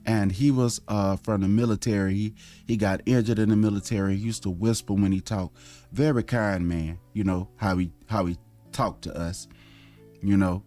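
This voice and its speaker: Southern man, deep-ish voice, loose rambling teacher, soft music underneath. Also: fairly even intonation, moderate pace. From Florida, US. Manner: rambling, conversational, addresses listeners as family. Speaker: religious teacher. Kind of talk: casual online teaching.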